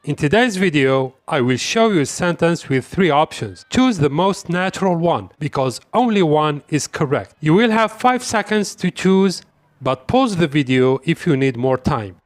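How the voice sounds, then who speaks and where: A man hosting an English lesson as a quiz, saying each example phrase slowly and deliberately and repeating it. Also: on the high side, expressive, no room sound. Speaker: English teacher. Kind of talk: quiz-style language lesson.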